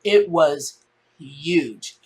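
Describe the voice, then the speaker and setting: Speaking extremely slowly in a low, darkish voice, a middle-aged woman offers a casual tarot reading. Her delivery is heartfelt and rambling, with frequent repetition and restarted sentences.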